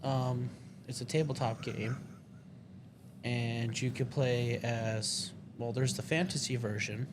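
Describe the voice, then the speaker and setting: Dude co-hosting a chill podcast, keeps restarting sentences, noisy room. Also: male voice, medium pitch, steady tone. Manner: halting, explains with many restarts. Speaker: podcast co-host. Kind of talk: casual chat.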